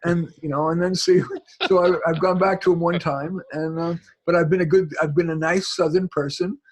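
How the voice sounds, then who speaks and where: A man's voice: on the high side, steady tone, moderate pace. A man from New York giving rambling advice over a video call, full of restarts and fillers. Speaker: guest expert.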